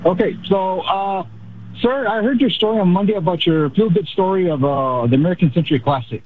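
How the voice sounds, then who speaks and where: A chatty male caller from El Paso who rambles as he calls in to a radio show. His voice is high and husky. He is heard over a tinny phone line. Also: brisk. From El Paso, Texas.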